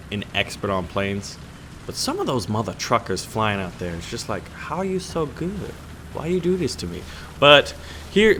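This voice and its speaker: A man's voice: mid-range voice, fairly bright tone, a little hiss or hum. A man hosting a gaming channel, chatting casually over his gameplay in a rambling, joking way with lots of fillers and restarts.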